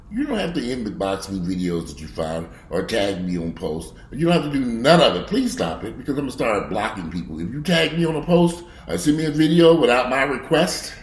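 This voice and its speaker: A man in a profane, angry rant. He curses bluntly and mocks people, swinging between low grumbling and loud outbursts. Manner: blunt, heavy cursing, mocking. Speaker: video blogger. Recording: echoey room.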